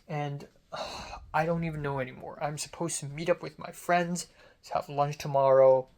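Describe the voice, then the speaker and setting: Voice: mid-range voice, fairly even intonation, moderate pace, a little mellow. Rambling, frustrated young student vlogger. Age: young adult. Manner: rambling, self-critical, swears freely. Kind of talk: casual venting monologue.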